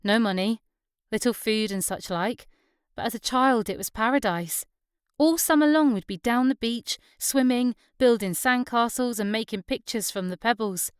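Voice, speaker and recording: A woman's voice: fairly high pitch, normal speed, clear, resonant tone, no echo, clean studio sound, voice pushed up, lightly acted. A woman voicing a small, cheerful young wife who is chatty and teasing, with a Northumbrian accent.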